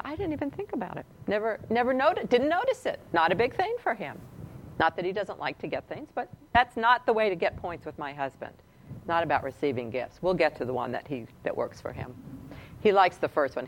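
A woman's voice: fairly low pitch, a little hiss or hum, low-quality recording. A woman leading a relationship workshop, chatting and asking her audience questions. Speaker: workshop leader. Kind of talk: teaching a relationship class.

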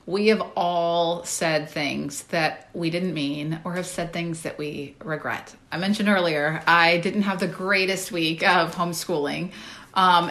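A woman's voice: on the low side, sharp tone. A woman hosting a parenting talk, speaking in a conversational, reflective way and sharing her own home stories. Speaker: parenting webinar host. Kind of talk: casual advice talk.

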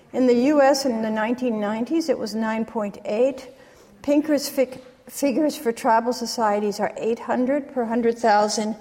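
A woman's voice: fairly high pitch, dark tone. Woman lecturing in an echoing hall. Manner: measured, retelling stories with pauses. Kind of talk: academic lecture with anecdotes. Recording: long reverb of a large hall.

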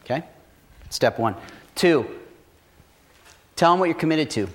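A man's voice: on the high side, unhurried, long pauses. Blunt, profane man giving business advice. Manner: profane, blunt, animated storytelling. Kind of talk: casual motivational talk.

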